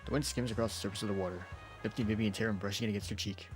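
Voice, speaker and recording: A man casually playing and narrating a game, chatty and quick to laugh. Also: fairly low pitch, steady tone, faint music behind. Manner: chatty, giggly. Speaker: game streamer. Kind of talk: casual let's-play commentary and reading narration.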